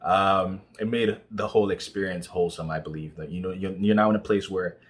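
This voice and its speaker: Deep-voiced young man from Nigeria. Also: fairly even intonation, fairly quick. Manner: conversational, full of fillers like "you know". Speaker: vlogger. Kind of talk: casual monologue.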